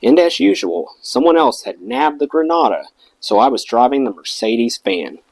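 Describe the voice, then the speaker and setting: A man reads a memoir aloud with a lively, swinging delivery at a middling pitch. His voice sits close and dry, with no room around it. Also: normal speed, creaky, dry recording, rough recording. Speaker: audiobook reader.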